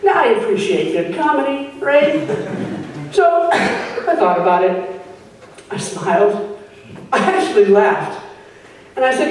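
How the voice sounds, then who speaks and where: A woman's voice: a little high, takes it slowly, pauses often. A woman in her forties performing a stand-up comedy set, telling stories and acting out quoted lines. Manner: animated storytelling, acts out quotes. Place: stage at a live showcase. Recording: echoey room from far off with noise.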